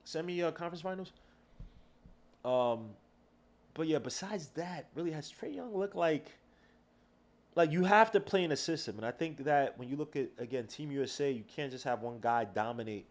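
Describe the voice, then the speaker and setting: A man's voice: on the high side, moderate pace, long pauses. A man hosting a casual game watch-along podcast, talking loosely with slang and trash talk. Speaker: podcast host.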